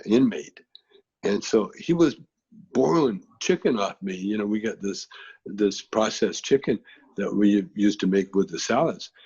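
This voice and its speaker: A man's voice: mid-range voice, warm tone, husky, highs cut off. A man being interviewed who tells long, rambling stories in a laid-back way, with plenty of filler phrases. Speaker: guest, actor and comedian.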